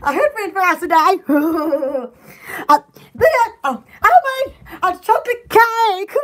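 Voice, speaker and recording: Very high-pitched, giggly rambling woman. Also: animated, takes it slowly, a bit bright. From Alabama, US. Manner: rambling and giggly, with many restarts and exclamations. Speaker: vlogger chatting to viewers. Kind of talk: casual chat.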